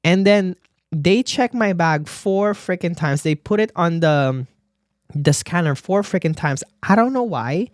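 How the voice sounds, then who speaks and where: A man's voice: sits high, lively intonation, unhurried, no echo, studio quality. Sassy chatty man hosting a podcast. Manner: sassy, chatty, calls listeners bestie and baby. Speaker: nurse and podcast host. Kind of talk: casual solo podcast chat. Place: recording studio.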